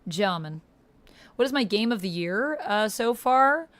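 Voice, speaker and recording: A young woman with a Canadian accent chatting casually to her viewers while playing a game live, reading out chat and filling pauses with "uh" and "like". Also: medium pitch, expressive, a bit bright. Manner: chatty, reads chat aloud, frequent fillers. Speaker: streamer. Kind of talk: live-stream gameplay chat.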